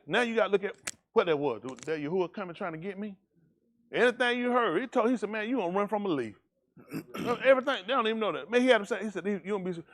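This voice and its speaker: A pastor, preaching loud and emphatic to his congregation. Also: high-pitched. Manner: loud, emphatic, quick preaching with call-and-response. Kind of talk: preaching a sermon.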